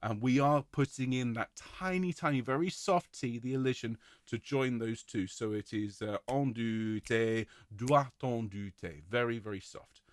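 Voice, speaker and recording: A man directing a choir rehearsal, giving clear, encouraging instructions and singing out rhythms to demonstrate them. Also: mid-range voice, moderate pace, few pauses, no room sound.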